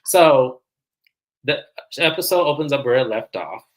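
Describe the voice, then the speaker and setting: A man's voice: medium pitch, animated, measured pace, low-quality recording. Man host, casual reality TV recap, chatty and dramatic, talks to viewers like friends.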